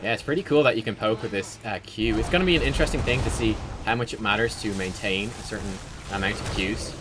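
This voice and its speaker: A man streaming a video game, giving casual, rambling commentary with sudden excited outbursts. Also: on the low side, fast, background noise. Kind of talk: casual livestream gameplay commentary.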